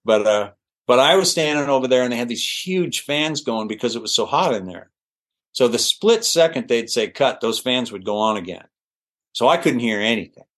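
A middle-aged man, an actor guest on an interview show, telling anecdotes in a lively way with laughs and restarts. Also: mid-range voice, normal speed. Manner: animated, laughing, with restarts and fillers. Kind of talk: anecdotal storytelling.

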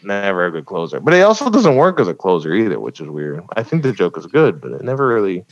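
A man's voice: low-pitched, wildly swooping pitch, dull audio. A man, a stand-up comedian, talking casually about his jokes on a podcast and laughing often between points. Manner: laughs often, quick asides. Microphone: podcast mic.

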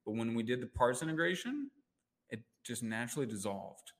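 A life coach and NLP practitioner, a man, speaks briskly and animatedly in a casual conversational interview. He acts out quoted inner voices with sudden jumps in pitch.

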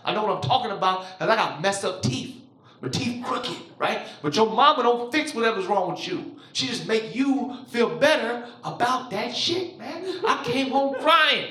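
A man's voice: very high voice, normal speed. Een man van in de dertig staat op het podium van een comedyclub en vertelt luid en levendig zijn verhalen terwijl hij met het publiek praat. Zijn stem ligt vrij hoog voor een man. De opname klinkt galmend, zoals live in een zaal. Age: 30s. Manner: loud, animated storytelling with crowd work. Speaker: stand-up comedian. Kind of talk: stand-up comedy set. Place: comedy club stage. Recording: roomy live club sound. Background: audience laughter.

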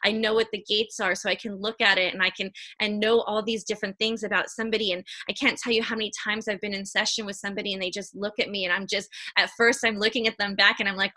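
A high-energy woman with a bright, forceful voice talks earnestly as a guest in a relaxed interview. She moves along quickly and keeps her tone lively. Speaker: human design reader, podcast guest. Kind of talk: casual interview chat.

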